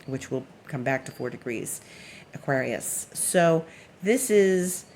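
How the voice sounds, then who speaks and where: A woman's voice: rumbling low, lively intonation, slow, darkish tone, slight background noise. A woman astrologer giving a casual weekly forecast, chatty and meandering with plenty of fillers.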